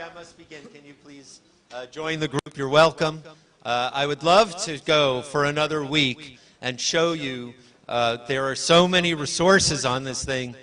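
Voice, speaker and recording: A man's voice: on the high side, sharp tone. A man giving a live presentation at a library launch, chatty and rambling, often correcting himself and giving directions to his helpers. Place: university event hall.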